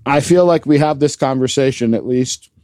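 A man's voice: medium pitch, normal speed, warm tone, dry recording, studio quality. A man co-hosting a casual podcast with a wry, teasing, self-deprecating manner. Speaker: podcast co-host.

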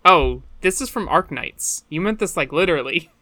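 Bright, excitable podcast co-host. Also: mid-range voice, moderate pace. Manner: excitable, exclamatory, swearing. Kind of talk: casual chat.

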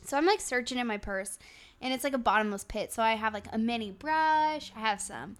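A young woman telling a story in casual chat, animated and swearing constantly, laughing as she goes. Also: on the high side, brisk.

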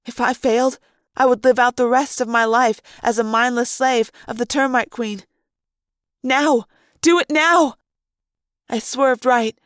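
A woman's voice: fairly high pitch, flat delivery, normal speed, no room sound, studio quality. A woman reading a novel aloud in the first person, with tense, dramatic delivery.

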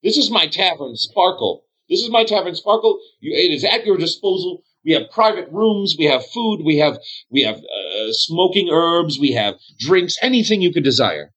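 A man's voice: on the high side, big pitch swings, moderate pace, few pauses, fairly bright tone, husky, pitched above the performer's own voice, full character voice. A man doing a flustered fawning bartender. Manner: flustered, eager to please, stammering. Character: nervous fawning male tavern bartender. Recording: dull lo-fi sound.

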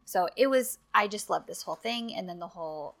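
A woman's voice: medium pitch, lively intonation, fairly quick, creaky, a bit bright. A woman co-hosting a casual chat, animatedly gushing over scenes of a series and laughing. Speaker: podcast co-host recapping a TV series.

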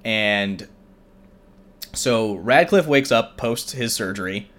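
A man's voice: fairly low pitch, animated, slow pace, a bit bright. Rambling young man recapping a movie. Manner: rambling, filler-heavy. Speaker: host.

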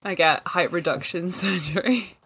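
A woman's voice: fairly low pitch, moderate pace, fairly bright tone, slightly rough. Laughing woman on a podcast. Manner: laughing, teasing, joking. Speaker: podcast co-host. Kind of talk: casual chat among friends.

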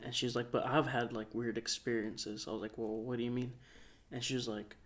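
A man of middling pitch telling a story on a podcast in a relaxed, rambling way. He speaks softly and fills his sentences with "like" as he goes. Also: a little fast. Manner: rambling, soft-spoken, lots of "like". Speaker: podcast co-host. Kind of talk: casual storytelling.

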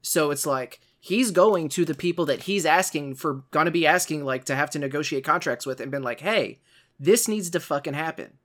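A man's voice: a little high, brisk, hardly any pauses, a bit bright. A man co-hosting a casual podcast, talking in an easygoing, rambling way with many fillers. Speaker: podcast co-host.

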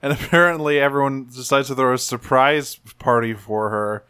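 A man's voice: mid-range voice, moderate pace, pushed and bright, clear, resonant tone, no echo, studio quality. A man casually recapping a cartoon episode on a podcast, rambling and swearing as he acts out bits. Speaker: podcast co-host.

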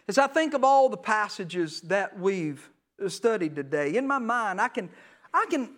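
A man preaching a sermon to a large room, telling a story with acted voices, swinging between loud and hushed. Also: sits high. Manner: dramatic storytelling with acted dialogue. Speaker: pastor.

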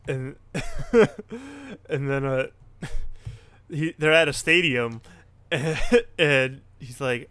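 A man co-hosting a podcast, telling stories in an animated, casual chat. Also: medium pitch, drawn-out words, pauses often, smooth, dry recording. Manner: animated, storytelling recaps. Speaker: podcast co-host. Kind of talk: casual chat recapping wrestling.

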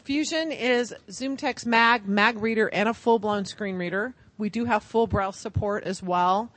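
A middle-aged woman presents a product to a conference audience. She is upbeat, chatty and enthusiastic. Her pitch is mid-range and the sound is dry and close. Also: moderate pace, fairly bright tone, no echo. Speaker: vendor presenter.

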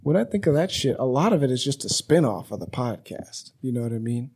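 A man hosting a podcast in loose, chatty conversation. His voice is husky and a little rough. He is profane and rambling, at a medium pitch. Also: very animated, brisk, a little mellow. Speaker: podcast host. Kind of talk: casual conversation. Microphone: podcast microphone.

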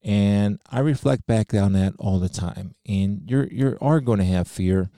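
A man's voice: fairly low pitch, a little slow, warm tone, smooth, dry recording, studio quality. A middle-aged man giving an earnest spoken devotional talk, quoting scripture and sharing a personal story. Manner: earnest, preacherly, quotes scripture. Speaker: speaker sharing faith.

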